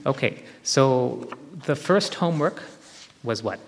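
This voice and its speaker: A man gives a spiritual teaching to a live group, speaking in an ordinary mid-range voice. He instructs gently and circles back to repeat his key phrases. The sound carries the long reverb of a large hall. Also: mid-range voice, expressive, slow pace, gravelly.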